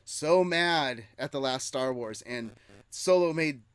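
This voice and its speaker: Man, podcast host, casual chat, chatty, mid-pitched voice. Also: slow, clean tone, no room sound. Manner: reads chat comments aloud, chatty.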